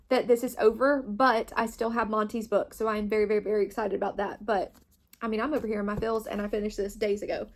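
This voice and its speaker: A young woman chatting casually about books she read, gushing and enthusiastic. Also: a little high. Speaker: booktube host. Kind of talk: casual reading wrap-up chat.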